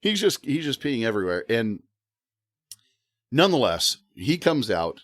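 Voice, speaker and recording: A man telling a funny story as a podcast guest, animated and often laughing. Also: medium pitch, normal speed, no echo, clean studio sound. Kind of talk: casual storytelling.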